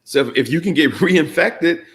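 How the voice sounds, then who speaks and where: A man's voice: fairly high pitch, expressive, moderate pace. A man co-hosting a morning radio show, talking casually and bluntly, with some swearing and easy laughter. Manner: blunt, profane, laughs easily.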